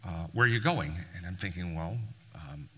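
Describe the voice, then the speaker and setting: A man telling a church group a lively story, a little sarcastic, acting out both sides of the dialogue. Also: low-pitched, moderate pace, husky. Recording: long hall reverb.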